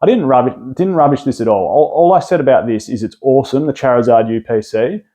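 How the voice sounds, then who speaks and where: Australian male host, mellow tone, chatty and rambling with restarts, keen on his picks. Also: medium pitch, quick pace. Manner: rambling, enthusiastic, lots of restarts and fillers. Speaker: card collecting video host. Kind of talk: casual product rundown.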